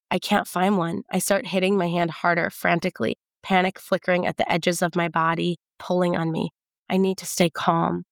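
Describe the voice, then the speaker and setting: A woman giving a measured, intimate first-person audiobook narration. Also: fairly low pitch, flat delivery, vocal fry, no room sound, studio quality.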